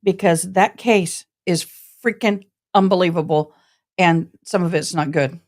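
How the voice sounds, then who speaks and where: Slow-talking chatty woman streamer. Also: fairly low pitch. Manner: chatty, rambling, reads out viewer comments; self-described passionate and direct. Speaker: trial commentary live-streamer. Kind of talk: casual live-stream chat.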